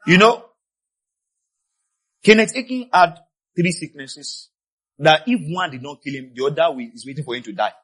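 A man preaching a sermon with passion. He swings between quiet asides and shouted peaks, and he repeats key phrases for emphasis. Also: a little high, normal speed, long pauses, slightly rough. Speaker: pastor.

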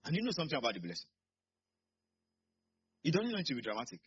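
Nigerian man preaching in church, husky and sharp, bursts of shouting, kinda muffled recording. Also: a little high, wildly swooping pitch, fast talker. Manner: preaching with sudden shouts and acted asides. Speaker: pastor. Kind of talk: sermon.

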